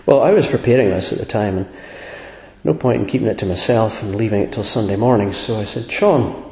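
A man's voice: on the low side, fast, a little mellow. A man preaching a sermon in an earnest, conversational way, with sudden emphatic rises. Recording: echoey room.

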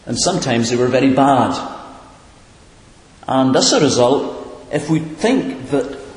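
A man's voice: medium pitch, lively intonation, slow pace. A man preaching a sermon in an earnest, questioning way, sometimes repeating a word as he searches for the next, heard in an echoing hall. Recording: echoey hall, far from the mic.

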